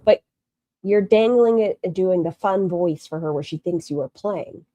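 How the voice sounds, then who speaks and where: A woman's voice: fairly low pitch, moderate pace, warm tone, dull audio, a little hiss or hum. A woman making snarky reaction commentary on a video, mocking it and swearing freely. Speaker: commentary streamer.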